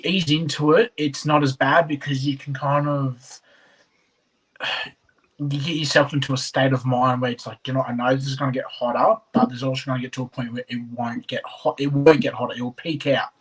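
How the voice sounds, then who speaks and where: A man speaking as an interview guest. His voice is husky but bright. He talks in a relaxed, reflective way and sighs between thoughts. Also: medium pitch, brisk, rough recording. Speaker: competitive chilli eater, guest. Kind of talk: casual chat.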